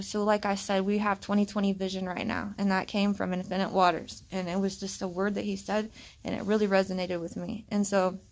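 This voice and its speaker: A woman giving an earnest, rambling spiritual talk, reading Bible verses and repeating herself as she goes. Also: mid-range voice. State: freezing cold. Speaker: vlogger sharing faith messages. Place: outdoors at night, cold.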